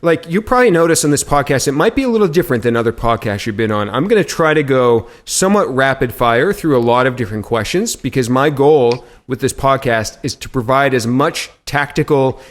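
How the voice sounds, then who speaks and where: A man's voice: medium pitch, lively intonation, brisk, few pauses. An upbeat man from Massachusetts hosting a marketing podcast, introducing the episode and chatting with his guest in a self-deprecating way. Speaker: podcast host.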